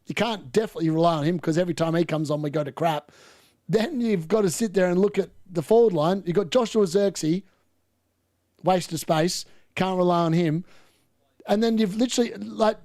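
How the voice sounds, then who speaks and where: A man hosting a live football watchalong, commenting on play and ranting opinions, getting excitable and yelling at chances. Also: sits high, no room sound, studio quality. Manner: excitable, yells at chances on screen. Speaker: host of a fantasy football watchalong.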